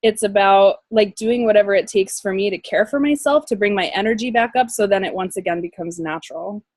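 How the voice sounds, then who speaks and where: A woman's voice: mid-range voice, a little fast, darkish tone, no echo. Reflective woman, dry close sound. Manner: reflective, searching for words. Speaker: team member sharing on a video call. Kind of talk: casual personal sharing.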